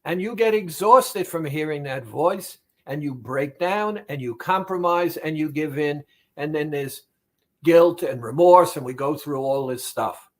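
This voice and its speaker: Speaking straight to you, a man whose voice sits on the high side talks about losing weight as a therapist. He goes slowly and deliberately, stressing and repeating his points.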